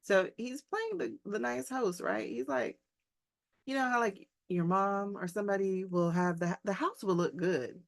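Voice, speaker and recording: A woman's voice: mid-range voice, measured pace, creaky. A woman English teacher reading a short story aloud and breaking off for chatty, joking asides to her class.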